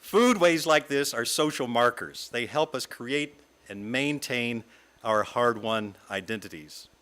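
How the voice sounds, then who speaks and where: A middle-aged man from the American South, a guest speaker giving a reflective talk read from a script in a lyrical, measured way. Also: medium pitch, pushed and bright. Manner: lyrical, measured reading with long lists. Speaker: guest speaker at a fellowship service.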